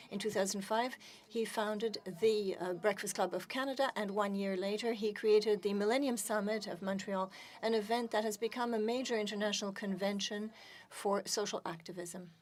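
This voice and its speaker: A woman co-hosting a forum, reading speaker introductions in a formal, measured way. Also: mid-range voice. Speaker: forum co-host. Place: science centre stage.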